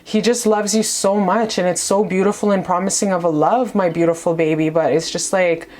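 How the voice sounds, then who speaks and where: A woman's voice: medium pitch, moderate pace, few pauses, darkish tone. A woman giving a casual tarot reading to the camera, rambling and gushing, calling the viewer baby. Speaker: tarot reader. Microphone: camera mic.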